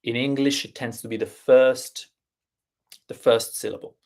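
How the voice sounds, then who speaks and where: A man's voice: medium pitch, steady tone, darkish tone. A man with an Italian accent, a native Italian speaker, teaching Italian pronunciation in a live stream and explaining patiently step by step. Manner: unhurried, explains step by step, repeats words slowly.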